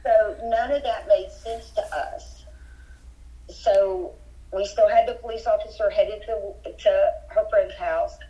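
A woman's voice: mid-range voice, fairly even intonation, slow pace, mellow. A woman from Texas telling a personal story as a guest, in an earnest, detailed way. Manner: earnest, detailed retelling with rising urgency. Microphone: telephone. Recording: muffled phone line.

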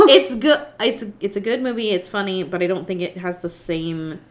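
A woman's voice: medium pitch, normal speed. A woman co-hosting a casual movie review podcast, rambling and hesitant, swearing casually. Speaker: podcast co-host.

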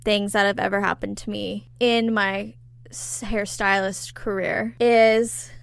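A woman's voice: mid-range voice, little pitch movement, takes it slowly, vocal fry, clean tone, no echo. A young woman who works as a hairstylist, co-hosting a podcast in blunt, riled-up casual chat.

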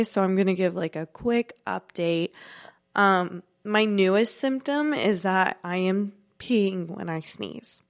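A woman's voice: mid-range voice, slow pace, gravelly. Stuffy-nosed woman podcast host rambling. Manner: rambling, many "like" and "you know" fillers. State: stuffy nose; slightly out of breath. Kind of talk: casual podcast monologue.

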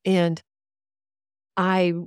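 A woman's voice: lowish voice, completely flat delivery, very slow, clear, resonant tone, dry recording, studio quality. A woman talking candidly on a podcast, ranting freely, laughing and swearing as she goes. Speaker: podcast guest. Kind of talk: casual podcast conversation.

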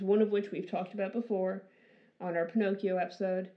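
Woman co-host, mid-pitched, chatty and loose, lo-fi podcast sound. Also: steady tone, brisk. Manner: chatty, laughs often, many fillers. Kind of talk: casual chat.

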